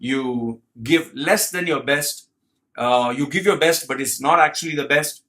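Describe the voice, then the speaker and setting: A man's voice: mid-range voice, unhurried, fairly bright tone. A man giving blunt, profane career advice in an emphatic monologue. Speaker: career coach.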